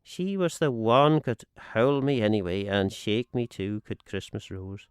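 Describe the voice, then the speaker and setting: A man reading a dialect narrative poem aloud on radio, measured and expressive, lifting and dropping his voice for the quoted speakers. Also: clear, resonant tone, no echo, clean studio sound. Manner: measured and expressive, swinging pitch on quoted lines. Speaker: radio reader. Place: radio studio.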